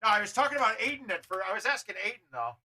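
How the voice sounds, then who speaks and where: Loud, blunt man with a bright voice. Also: high voice, sing-song, very fast, slight background noise, low-quality recording. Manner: loud, blunt, swears freely. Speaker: livestream host. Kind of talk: casual livestream chat while gaming.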